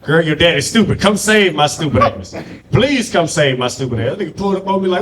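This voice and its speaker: Profane stand-up comic man, higher voice. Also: expressive, quick pace, a bit bright, a little hiss or hum. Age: adult with a grown daughter. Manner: loose, profane, crowd-working banter. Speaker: stand-up comedian. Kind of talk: stand-up comedy set. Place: comedy club stage.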